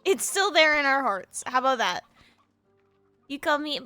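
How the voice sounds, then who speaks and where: A young woman from the United States chats with her viewers during a game stream, chaotic and teasing, breaking into laughter often. Her voice sits high and rings bright and sharp. The sound is dry and close, with no room around it. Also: very animated, normal speed, no echo, soft background music. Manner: chaotic, playful, laughs often, teases chat. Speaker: VTuber streamer. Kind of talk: casual live-stream chat with viewers.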